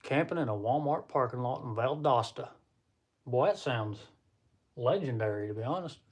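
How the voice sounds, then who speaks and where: A man's voice: mid-range voice, expressive, normal speed. Folksy young Southern man chatting. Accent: Southern American. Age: young adult. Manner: folksy, chatty, addresses viewers as y'all. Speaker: livestream host. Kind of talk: casual live chat. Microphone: computer or phone mic on a livestream.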